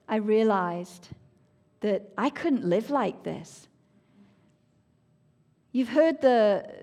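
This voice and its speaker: A woman shares a personal faith testimony in an earnest, emotional way. Her voice sometimes sinks to a soft, hushed near-whisper. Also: medium pitch. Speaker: speaker sharing a personal testimony.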